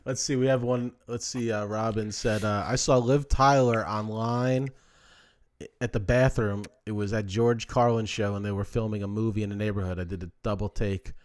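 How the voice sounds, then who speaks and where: A man from New Jersey, a comedian hosting a podcast, telling stories in a casual, animated way and often laughing. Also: lowish voice, normal speed. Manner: animated, laughs often, acts out his own past lines. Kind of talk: casual storytelling chat.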